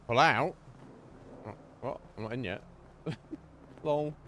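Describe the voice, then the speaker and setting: A man's voice: mid-range voice, slow, a bit bright, a little hiss or hum. A man streaming a game, chatting loosely, swearing and laughing at what happens. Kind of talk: live gaming commentary.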